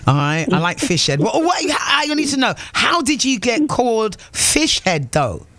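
A woman's voice: fairly high pitch, big pitch swings, normal speed, fairly bright tone, a little hiss or hum. A woman hosting a radio call-in chat, playful and teasing, laughing often. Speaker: radio show host.

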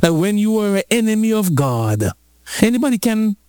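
A man preaching a lively sermon, switching into patois and drawing out lines slowly for emphasis. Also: sits high, clear, resonant tone, no room sound. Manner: animated, rhythmic preaching in patois-flavored speech.

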